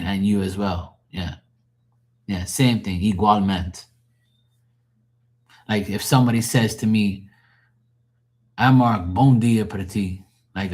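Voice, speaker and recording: A man's voice: on the low side, a little mellow. A man chatting casually on a livestream, rambling and explaining words to his viewers with lots of fillers. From born in the country of the stream, Portuguese family. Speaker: livestream tarot reader.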